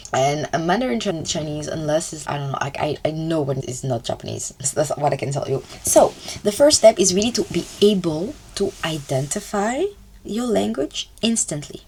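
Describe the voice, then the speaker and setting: Woman, gravelly voice, animated pitch, chatty vlog advice. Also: moderate pace, a little hiss or hum. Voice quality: chatty, loose grammar, fillers like "like" and "poof". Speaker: language learning vlogger. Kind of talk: casual advice to camera.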